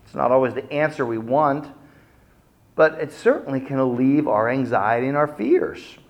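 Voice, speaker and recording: A middle-aged man preaching a sermon, telling stories dramatically and acting out the quotes with big swings in loudness. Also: medium pitch, moderate pace, highs cut off. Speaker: pastor.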